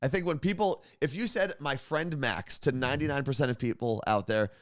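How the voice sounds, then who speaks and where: A man's voice: mid-range voice, expressive, fast, dry recording, studio quality. A man co-hosting a casual livestreamed talk show, teasing his co-host and reading out chat comments. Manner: teasing, reads chat comments, laughs often.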